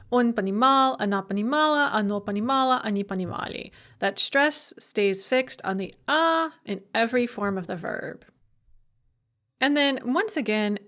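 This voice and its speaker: A woman teaches in a recorded lecture with a slightly raised pitch. She talks emphatically and keeps it lively with playful asides. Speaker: language instructor.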